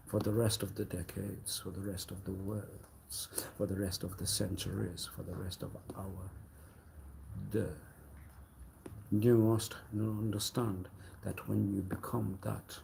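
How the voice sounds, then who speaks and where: Slow, gravelly man lecturing theatrically. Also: flat delivery. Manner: theatrical, swinging from loud declarations to hushed low murmurs; preachy, scolding repetition. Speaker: livestream host. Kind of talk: improvised mock lecture on a livestream.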